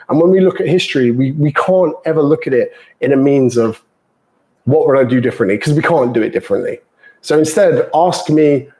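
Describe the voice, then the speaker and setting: A man's voice: mid-range voice, a little mellow, low-quality recording. A British man, a fitness coach, answering viewer questions live in a chatty, banter-filled way and calling people mate.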